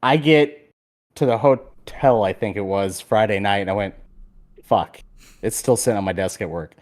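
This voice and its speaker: Guy on a podcast telling a story, lots of cussing, animated. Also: on the low side, normal speed. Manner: animated storyteller, swears freely. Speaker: podcast co-host. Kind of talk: casual podcast chat.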